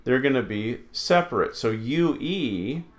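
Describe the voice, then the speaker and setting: A man teaching an online Latin lesson, explaining slowly and patiently with many fillers. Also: mid-range voice, expressive.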